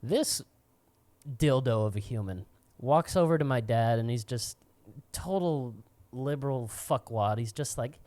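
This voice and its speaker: Brief: young male podcast co-host, mid-pitched, crude and rambling, close dry mic. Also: lively intonation, unhurried, darkish tone, no room sound. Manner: crude, rambling, laughing storyteller. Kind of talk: casual storytelling.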